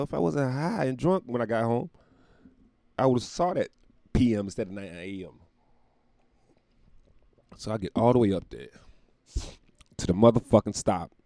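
Speaking in a lowish, somewhat dark voice, a young podcast host tells loose, laughing, foul-mouthed comic stories from home. The recording is studio quality and echo-free.

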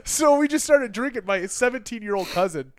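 Young man, lively high voice, rambling and profane podcast storyteller. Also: brisk, no room sound, clean studio sound. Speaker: podcast guest telling a story. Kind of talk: casual storytelling.

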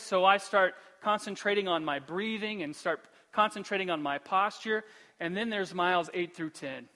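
A man preaching a sermon as pastor in a church, moving between quiet pleading and loud, lively storytelling. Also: high-pitched, normal speed, long reverb tail. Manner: shifts from hushed pleading to loud, animated storytelling. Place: church sanctuary.

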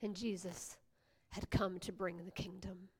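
A woman pastor preaching a sermon, swinging from hushed whispers to loud exclamations, with playful asides to the congregation. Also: on the low side, flat delivery, measured pace, husky.

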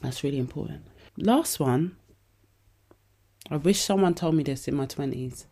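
A woman's voice: low voice, normal speed, pauses often, dark tone. A woman, hosting a podcast and giving candid, casual advice with plenty of swearing. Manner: candid, swears freely, calls listeners babes. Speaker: podcast host.

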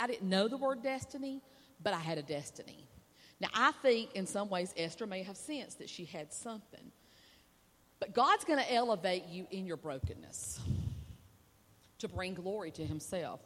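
In a large hall with long reverb, a woman with a slightly bright, mid-range voice preaches casually. She is a preacher's wife, mixing personal stories into her sermon and addressing asides to the audience.

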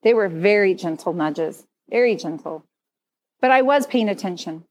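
A woman's voice: medium pitch, lively intonation, moderate pace, darkish tone. A middle-aged woman giving a candid, conversational sermon testimony at church. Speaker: speaker at church.

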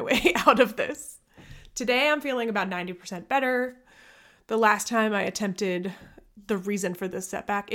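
Candid woman host, soft and wry. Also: mid-range voice. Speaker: podcast host, physical therapist. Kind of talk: personal podcast monologue.

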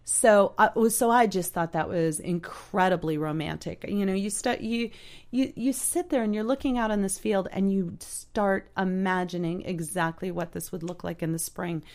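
A woman telling a heartfelt story in casual chat, halting, with many restarts and "you know". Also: medium pitch, darkish tone. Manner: earnest, heartfelt. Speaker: storyteller guest.

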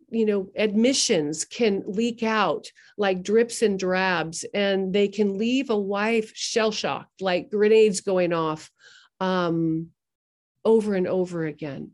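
A woman guest on a podcast, telling a story in an earnest, measured way with pauses. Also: mid-range voice, darkish tone. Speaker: guest therapist. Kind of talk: podcast interview.

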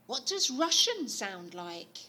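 An eager, gushing actress character, played by a woman in a comedic audio play. Her voice sits high and bright, swooping widely up and down while she takes her time over the words. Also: slow, slight background noise, exaggerated voice. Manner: gushing, excitable.

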